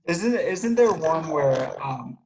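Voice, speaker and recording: A man's voice: fairly high pitch, expressive, slow, darkish tone, low-quality recording. A man co-hosting a casual film podcast, laid-back and teasing. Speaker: podcast co-host. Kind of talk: casual chat.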